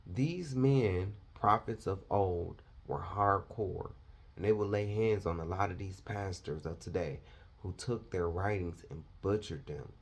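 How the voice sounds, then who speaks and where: A man's voice: low voice, unhurried. A man preaching a confrontational, fiery sermon, lecturing his listeners.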